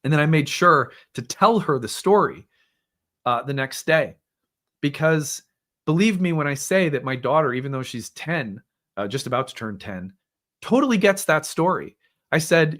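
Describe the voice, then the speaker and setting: A man's voice: a little high, expressive, moderate pace, a bit bright. A man in his thirties hosting an astrology show, telling a personal story in a candid, self-deprecating way and laughing often. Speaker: astrology host.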